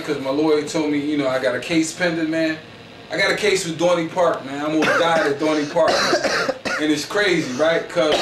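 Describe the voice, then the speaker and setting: This is a Philadelphia comedian with a slightly high, fairly bright voice, rambling and bragging in slang through a story-driven comedy monologue and repeating "you know what I'm saying" constantly. The sound is distant and echoey, with a bit of faint noise.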